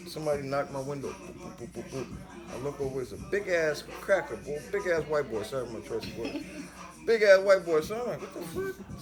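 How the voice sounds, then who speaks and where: A man telling a story in a casual podcast chat, animated and acting out the voices of the people in it. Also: fairly high pitch. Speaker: podcast guest.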